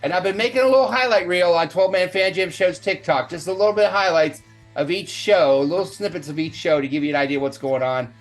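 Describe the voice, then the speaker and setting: A man's voice: sits high, fast talker, soft background music. A man hosting a casual sports fan podcast, upbeat and jokey, plugging the show's pages and teasing his co-hosts. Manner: upbeat, jokey, laughs often. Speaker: podcast host.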